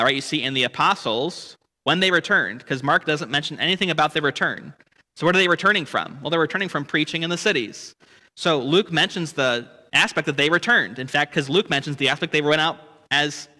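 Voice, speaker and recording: A man's voice: on the high side, bright, forceful tone, long reverb tail. A man leading a church Bible study lesson, explaining the text and asking rhetorical questions with frequent "right?". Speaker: Bible teacher.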